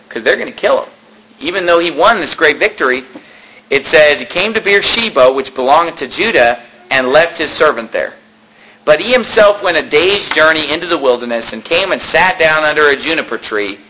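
Forceful preacher man with a bright voice. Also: on the high side, a little hiss or hum, low-quality recording. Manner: casual storytelling with many fillers, reads scripture aloud. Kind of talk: sermon.

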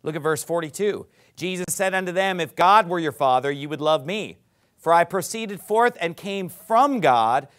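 A pastor preaching with a high voice that swings up and down a lot. He reads old-style scripture verses aloud and hammers his points home with repetition, rising to loud, forceful peaks. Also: expressive, moderate pace. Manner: emphatic, repeats phrases, climbs to loud peaks; reads scripture aloud in King James wording. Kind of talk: sermon.

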